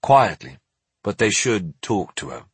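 Audiobook doctor: calm, measured male physician, husky and low, read by a man. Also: no echo, full character voice. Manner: steady, careful, reassuring.

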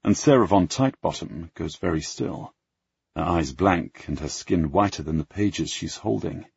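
Brief: low, raspy male narrator, first-person audiobook, dry muffled sound. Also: animated, unhurried, darkish tone, dry recording. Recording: dull lo-fi dry recording.

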